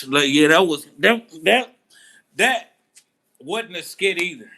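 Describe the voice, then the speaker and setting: A man's voice: sits high, animated, slow pace, pauses often, sharp tone. A man hosting a boxing channel, telling a story in casual commentary with a laid-back manner, acting out quotes now and then.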